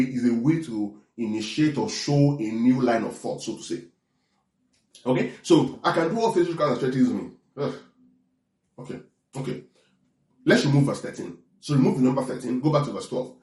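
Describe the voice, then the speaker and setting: A man's voice: mid-range voice, mellow, echoey room. A man preaching a sermon, teaching in a conversational way with frequent check-ins and restarts. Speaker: pastor.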